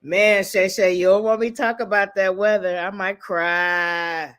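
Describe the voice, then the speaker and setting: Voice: medium pitch, fairly even intonation, normal speed. A livestream host chatting casually with viewers, greeting them by name and teasing them in playful slang. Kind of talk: casual live chat with viewers.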